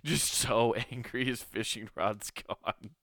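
A man's voice: fairly low pitch, lively intonation, normal speed, fairly bright tone, smooth, no echo, clean studio sound. A young man reading a story aloud and reacting to it with rambling, profane asides. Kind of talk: casual reaction commentary.

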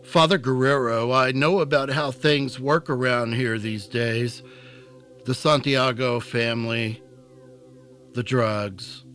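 A man's voice: medium pitch, steady tone, slow, fairly bright tone, soft background music. A man voicing an earnest, determined man who argues his case steadily and persuasively in a novel reading. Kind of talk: scripted narration.

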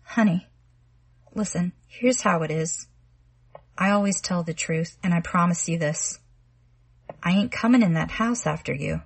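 A creepy young man, sleepy and sweet-talking with a threat underneath, as a woman reads him. The voice is low and breathy, slow and coaxing in a storybook reading. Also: heavily acted. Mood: menacing. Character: menacing smooth-talking young man, a stalker.

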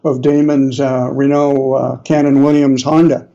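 An older man with a New England accent, an author appearing as an interview guest, tells long, rambling stories full of uhs and restarts. His medium-pitched voice is dark in tone, flat in delivery and a little slow. The recording is dull, lo-fi audio.

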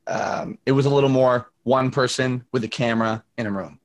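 A man's voice: mid-range voice, a little fast. A young man talking casually in a video call interview, chatty and storytelling, with many fillers and acted-out quotes. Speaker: singer-songwriter guest.

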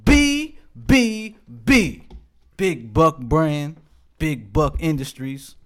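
A man's voice: a little high, wildly swooping pitch, extremely slow, fairly bright tone, smooth. A young man hosting a casual podcast, joking in slang and laughing often. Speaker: podcast host.

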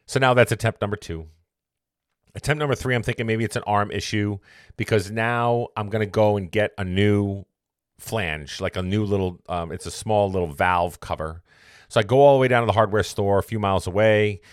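Man, podcast host, low voice, dry close sound, rambling casual story, motivational. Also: a little fast, no room sound. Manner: rambling, self-correcting, motivational.

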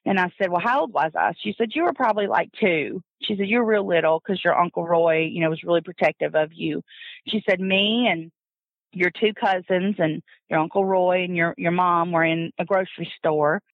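A woman telling a personal family story in a casual, animated way, often laughing and acting out what others said. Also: lowish voice, normal speed, no room sound. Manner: animated, laughs often, acts out quoted voices. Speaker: guest telling her adoption story. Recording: dull lo-fi dry recording.

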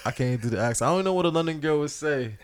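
A man from North Carolina co-hosting a podcast, excitable and full of slang and "you know" fillers. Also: on the high side, fast talker. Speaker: podcast co-host. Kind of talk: casual chat.

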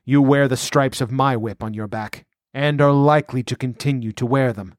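A man playing a ruthless outlaw lord plotting for a throne, measured and scornful, giving orders with cold command in a dry, close voice. his pitch sits mid-range and he never raises it far. a storybook villain with contempt for everyone around him. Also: fairly even intonation, no room sound, close to an everyday voice. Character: scheming ambitious male outlaw noble, cold and commanding.

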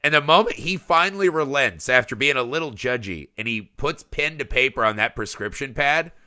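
A man in his thirties co-hosting a casual movie podcast, animated and profane, acting out quotes with big jumps in his voice. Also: mid-range voice, fairly quick, dry recording, clean studio sound. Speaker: podcast co-host.

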